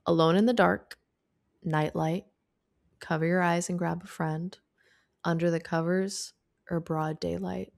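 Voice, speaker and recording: A woman's voice: lowish voice, fairly even intonation, measured pace, gravelly, pauses often, no room sound, studio quality. A young woman co-hosting a podcast, chatting casually and thinking aloud with lots of restarts. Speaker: podcast co-host. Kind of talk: casual chat.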